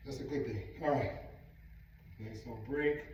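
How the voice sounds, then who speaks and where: A man in a casual home vlog, a little out of breath as he counts out each slow rep of a knee exercise. He sounds set back from the camera, in a very reverberant room. A steady background noise runs under his voice. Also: mid-range voice. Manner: counting reps aloud, slow and deliberate. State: winded. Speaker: vlogger recovering from knee surgery. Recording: roomy, distant camera mic with background noise.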